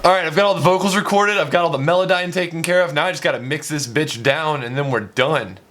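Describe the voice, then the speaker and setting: Young man, music producer, fairly high voice, rambling and self-mocking, faint music behind. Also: fast. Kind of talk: casual talk-through of a studio session.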